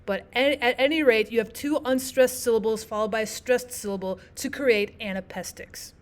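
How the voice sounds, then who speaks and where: A woman teaching a recorded lesson, explaining terms step by step in a clear, methodical way and repeating the key points. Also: on the high side, steady tone, normal speed.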